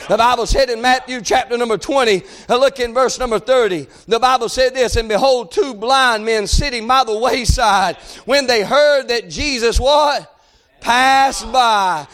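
High-pitched, shouting preacher. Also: male voice, a little slow. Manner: chanting, shouts and cries out in rising bursts. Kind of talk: fiery revival sermon.

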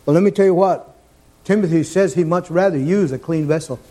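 A man preaching a fervent sermon, repeating his phrases and climbing toward near-shouts. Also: fairly high pitch, fairly quick.

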